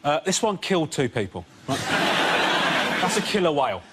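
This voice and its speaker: A comedian on a panel show, ranting in exasperation and building to loud outbursts. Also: male voice, a little high, big pitch swings, unhurried, heavy background noise. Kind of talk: stand-up routine on a panel show. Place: TV studio with live audience.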